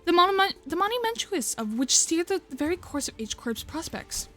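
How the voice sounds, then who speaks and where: A woman's voice: very high-pitched, very animated, brisk, pushed and bright, faint music behind, voice pushed up, heavily acted. A woman voicing a haughty, scheming noblewoman who speaks in a grandiose, formal way, tripping over long words as she reads. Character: haughty scheming noblewoman, smug and self-important.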